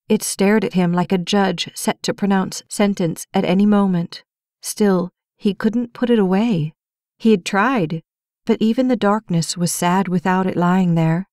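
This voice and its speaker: A woman's voice: medium pitch, a little mellow, no room sound, studio quality. A woman narrating a romance novel audiobook, reading all the characters' dialogue in her own voice. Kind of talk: scripted narration.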